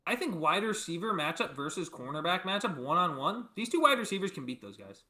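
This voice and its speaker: Animated young man talking football. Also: sits high, a little fast. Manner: animated, argumentative, many fillers. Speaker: sports podcast co-host. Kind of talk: casual sports chat.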